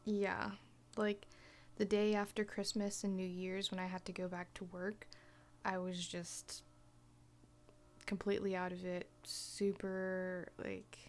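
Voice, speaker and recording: A young woman talking casually in a personal vlog, soft-spoken and often half-whispering, hesitant with lots of fillers. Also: mid-range voice, level tone, slow. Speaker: vlogger.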